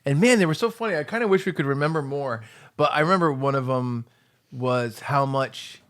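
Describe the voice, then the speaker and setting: A man co-hosting a comedy podcast, telling a story in a casual, animated way and dropping into hushed asides for quoted lines. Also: mid-range voice, a little fast. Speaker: podcast co-host.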